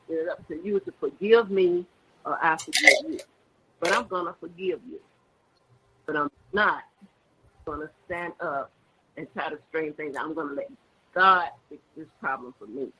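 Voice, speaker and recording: A woman's voice: low voice, bright, forceful tone. An older woman giving a personal religious testimony in an emphatic, repetitive, preachy way. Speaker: church member giving testimony. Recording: dull lo-fi sound with faint background noise.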